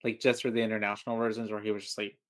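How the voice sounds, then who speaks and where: A podcast co-host in easygoing outro banter, full of teasing asides and playful riffs. The voice sits in a plain middle pitch. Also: flat delivery, rapid-fire. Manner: jokey, teasing. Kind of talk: casual podcast outro chat.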